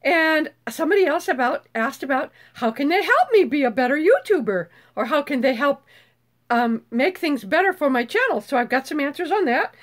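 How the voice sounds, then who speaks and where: High, lively woman who swears freely. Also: normal speed. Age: older. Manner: bubbly, swears freely, screeches when excited. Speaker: YouTube host. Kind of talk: casual live chat.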